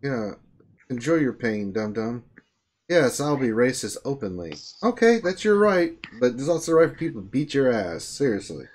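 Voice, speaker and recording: A man's voice: medium pitch, very animated, moderate pace, a little mellow. A man hosting a casual live-stream chat, reacting to photos with sarcastic, mock-appalled comments. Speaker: show host.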